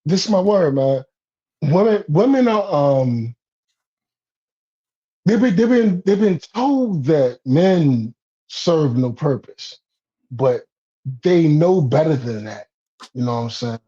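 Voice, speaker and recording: A man in heated casual chat, rambling, repeating himself and swearing as he builds to loud outbursts. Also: on the high side, expressive, takes it slowly, pauses often, breathy edge. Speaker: guest on a talk stream. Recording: dull lo-fi stream audio.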